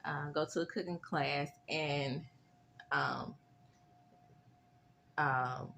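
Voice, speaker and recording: A woman hosting a casual reality TV recap, blunt and sassy, with animated reactions. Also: deep voice, drawn-out words, vocal fry, slight background noise.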